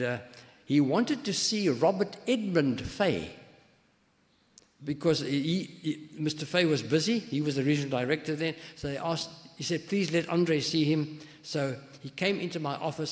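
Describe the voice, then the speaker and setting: Man preaching with long hall reverb. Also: on the high side. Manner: conversational preaching with anecdotes and scripture reading. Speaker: pastor. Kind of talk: sermon.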